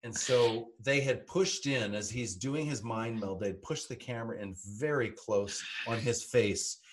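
A middle-aged man co-hosting a podcast in casual chat, animated and acting out quotes as he tells stories. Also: mid-range voice, unhurried, slight background noise. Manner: animated storyteller, acts out quotes. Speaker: podcast co-host.

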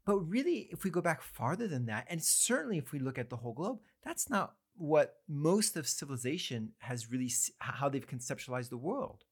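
An interviewer with a voice of middle pitch. The speech is halting, with pauses while searching for words. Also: sing-song, breathy edge.

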